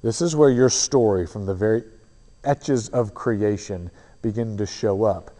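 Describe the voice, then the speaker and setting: A man delivering a sermon in a relaxed, mellow voice, telling a story earnestly and pausing to restart his thoughts. His words ring out with a long reverb, as if spoken in a large hall. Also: fairly low pitch. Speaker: preacher.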